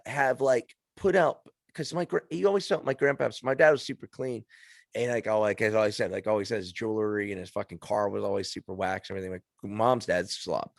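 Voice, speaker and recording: Male podcast guest, gravelly, cursing storyteller, close dry mic. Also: medium pitch, no echo. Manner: profane, rambling storyteller with frequent restarts. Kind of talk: casual chat.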